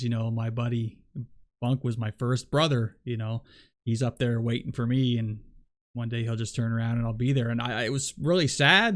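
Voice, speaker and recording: A man on a podcast who talks in a reflective, easygoing way. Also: mid-range voice. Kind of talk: casual podcast chat.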